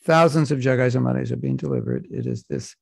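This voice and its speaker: A man with a gravelly, creaky voice teaches a scripture class. He reads slowly and with measure, then breaks off for joking asides. The sound is dry and close, with no room echo. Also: medium pitch, huge pitch swings, a little mellow. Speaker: spiritual teacher. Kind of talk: scripture class, reading and commenting.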